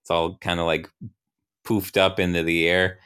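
A man narrating an improvised role-play game, halting and restarting as he goes. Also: sits low, flat delivery, a bit bright, clear, resonant tone.

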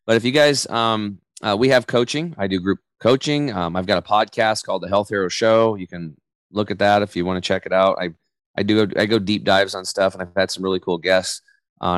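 A man in his forties, a podcast guest talking in a loose, energetic, casual way and acting out quoted voices as he tells stories. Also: lowish voice, no room sound. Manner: energetic, loose storyteller who acts out quotes. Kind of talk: casual interview chat.

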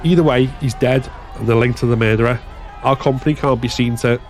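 A man's voice: on the high side, fairly quick, soft background music, pitched above the performer's own voice, close to an everyday voice. A man voicing a defensive site foreman who snarls and insists, raising his voice above a crowd.

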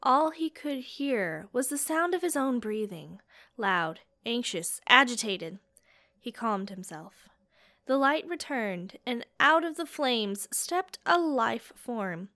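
Slow, measured woman narrating fantasy. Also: on the high side, lively intonation, bright, forceful tone. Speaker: audiobook narrator.

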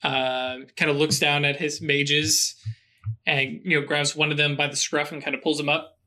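Bright-voiced man running a tabletop game. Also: a little high, moderate pace. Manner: relaxed, rambling, full of fillers. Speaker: game master.

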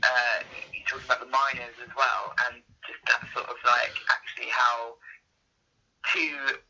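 Bright-voiced man over a tinny phone line. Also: medium pitch, completely flat delivery, a little slow. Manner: rambling, hesitant, many fillers. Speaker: podcast guest. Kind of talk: casual chat.

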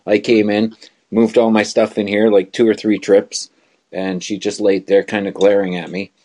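A man's voice: fairly low pitch, little pitch movement, moderate pace, a little mellow. A man co-hosting a casual live show from his bedroom, telling rambling stories in an easygoing way. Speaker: co-host.

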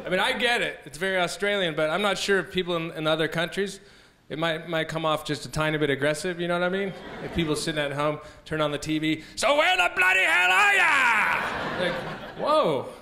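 A man's voice: a little high, fast talker, pushed and bright. A man doing a stand-up comedy set on a festival stage, with a laid-back, rambling delivery and frequent restarts. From United States. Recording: live stage mic with background noise.

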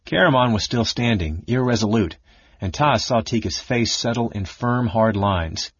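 A man narrating a fantasy novel in a measured, steady storytelling manner. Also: fairly low pitch, husky, dry recording. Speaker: audiobook narrator. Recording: muffled lo-fi recording.

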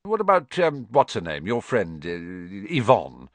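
A man voicing a gruff, blustering, bullying middle-aged uncle in an audiobook reading. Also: wildly swooping pitch, a little slow, dry recording. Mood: grumbling. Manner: low, growling and threatening. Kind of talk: audiobook character voice.

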